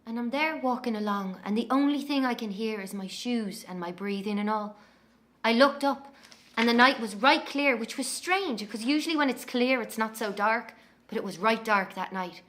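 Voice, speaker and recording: Woman playing a bright young Irish woman. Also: a little high, natural voice. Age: young adult. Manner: breathless storytelling, quick to anger. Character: young Irish woman haunted by her missing twin. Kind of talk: dramatic monologue for audio drama.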